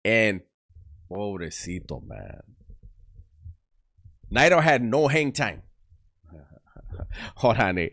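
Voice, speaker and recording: A man's voice: fairly low pitch, sing-song, slow, long pauses, fairly bright tone. A man telling a story to his channel in casual talk, laughing often and using streetwise slang. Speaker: YouTuber.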